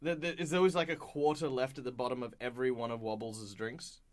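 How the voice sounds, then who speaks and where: A man playing a tabletop game, talking animatedly with quick stammered restarts. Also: mid-range voice, steady tone. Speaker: player.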